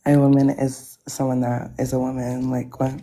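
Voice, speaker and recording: A woman's voice: rumbling low, completely flat delivery, moderate pace, warm tone. A young woman calling into a live stream, who gives curt, short answers. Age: young adult. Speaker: caller. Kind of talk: casual live-stream chat.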